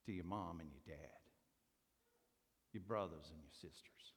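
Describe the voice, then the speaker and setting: A man preaching a sermon, telling a personal story in an earnest way and dropping to a hush at emotional moments. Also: low-pitched, a little slow, pauses often, in a large hall.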